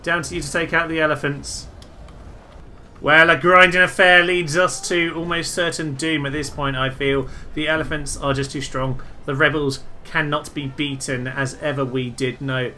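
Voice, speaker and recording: A young man talks through a battle in a strategy game, casual and wry, often bursting into loud excited cries. His voice sits somewhat high and sounds bright and forceful. A faint hiss runs under his voice. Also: moderate pace. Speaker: gaming video host. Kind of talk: casual gameplay commentary.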